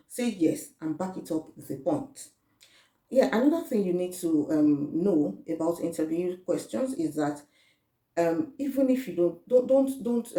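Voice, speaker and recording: A woman's voice: lowish voice, reverberant. A woman giving earnest relocation advice in a casual vlog, often restarting and repeating herself. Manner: earnest, repetitive, with frequent restarts and fillers. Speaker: relocation coach.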